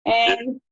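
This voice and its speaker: Woman psychic host, high and chatty, muffled live-stream sound. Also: fairly bright tone. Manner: chatty, folksy, says honey and y'all. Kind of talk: live-stream call-in show.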